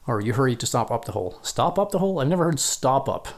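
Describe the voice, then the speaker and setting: A man of middle pitch plays a board game alone on camera and talks as he goes. He reads game prompts aloud, counts out moves, and turns to the viewers with casual asides. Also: lively intonation, fast. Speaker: solo board game player and channel host. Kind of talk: casual playthrough commentary, reading game text aloud.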